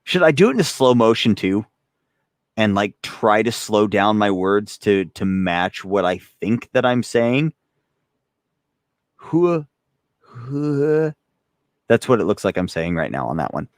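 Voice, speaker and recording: Rambling man with a low, dry voice. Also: no echo. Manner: rambling and self-deprecating, reading chat and laughing often. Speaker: gun channel host. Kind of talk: casual live-stream chat.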